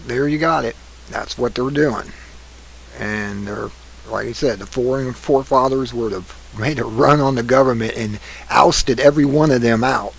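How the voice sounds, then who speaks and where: An American man giving an angry political rant, indignant and halting, stumbling over his words. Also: mid-range voice, creaky, a bit bright, slight background noise, rough recording. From United States. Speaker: political commentator.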